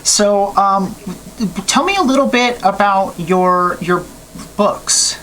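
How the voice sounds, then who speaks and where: A man hosting an interview who asks short, relaxed questions and gives quick affirmations. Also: sits high, slight background noise, poor audio. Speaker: podcast host, interviewer. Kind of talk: casual interview.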